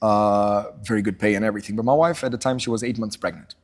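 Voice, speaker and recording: A man's voice: fairly low pitch, fast. A middle-aged man from Portugal, a podcast guest, telling stories casually and acting out quotes in raised voices. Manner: animated storyteller, acts out quotes in raised voices. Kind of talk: casual storytelling interview.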